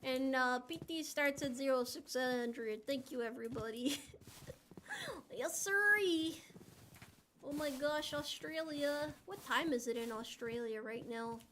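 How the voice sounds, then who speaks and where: An American woman streams a game live, chatting casually and playfully, giggling often and reading out chat messages. Her voice sits high, she talks at normal speed, and there is slight background noise.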